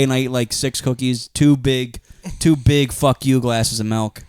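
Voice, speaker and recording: A man's voice: mid-range voice, steady tone, normal speed, a little mellow, clean tone, dry recording. A man with a Philadelphia-area accent rambles through his stories in casual podcast chat. He laughs often and acts out what everyone said. The sound is dry and close, with no room around it. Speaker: podcast co-host.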